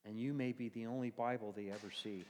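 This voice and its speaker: A man preaching a sermon as pastor, telling folksy stories in an animated way in a church. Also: on the low side, fast talker, in a large hall, slight background noise.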